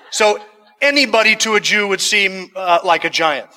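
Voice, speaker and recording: A man's voice: high voice, a little fast, pushed and bright, big-room sound, slight background noise. A man preaching a sermon, reading scripture verses and then explaining them in conversational asides with some humor. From United States. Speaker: pastor.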